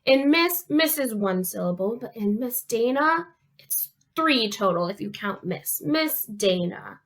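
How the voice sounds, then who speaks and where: A young woman leads a children's library lesson, recorded on a phone. Her voice sits a touch high, and she keeps an unhurried pace. She talks straight to the kids, asking questions and pausing for them to answer. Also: expressive, a bit bright.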